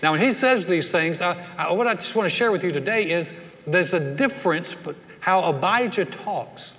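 A man's voice: sits high, lively intonation, moderate pace, a bit bright, long reverb tail. A man preaching a sermon, retelling a Bible story in a folksy way and acting out the characters' lines. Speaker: pastor.

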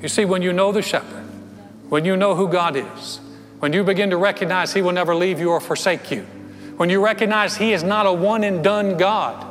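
Man preaching from the pulpit, slightly high voice, earnest storyteller, long hall reverb with soft music under it. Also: a little fast. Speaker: pastor. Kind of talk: sermon. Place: church sanctuary.

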